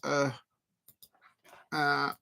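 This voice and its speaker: A man's voice: a little high, completely flat delivery, drawn-out words, creaky, sharp tone, clear, resonant tone. A man hosting a live football watch-along, commenting in a rambling, hesitant way full of fillers.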